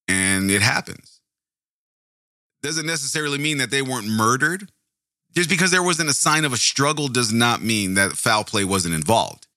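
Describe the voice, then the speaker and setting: Sharp-voiced rambling male podcast host. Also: medium pitch, animated, moderate pace, dry recording, studio quality. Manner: rambling, self-interrupting, swears casually. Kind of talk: casual true-crime podcast narration.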